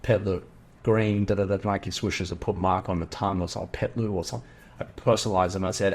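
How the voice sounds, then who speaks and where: A middle-aged Australian man sits in as a podcast guest and tells a long story in a casual, animated way. His voice sits fairly low, and he slips into the voices of the people he quotes. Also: fairly quick. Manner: animated, acts out quoted dialogue.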